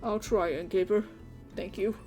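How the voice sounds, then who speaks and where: A woman doing a soft, subdued young guest. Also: mid-range voice, steady tone, normal speed, faint music behind, pitched below the performer's own voice, close to an everyday voice. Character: quiet, hurt young tavern guest. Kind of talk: fan voice acting of a game.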